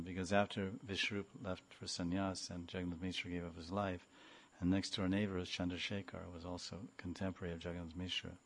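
A man's voice: low-pitched, flat delivery. A man giving a devotional scripture lecture, chanting mantras and singing verses before explaining them. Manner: sings verses, then explains them slowly. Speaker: spiritual teacher.

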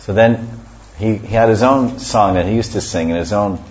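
A man's voice: lowish voice, normal speed. A man giving a scripture class, explaining verses and sometimes chanting them. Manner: explanatory, often chants verses and laughs softly. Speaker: religious teacher. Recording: dull lo-fi recording.

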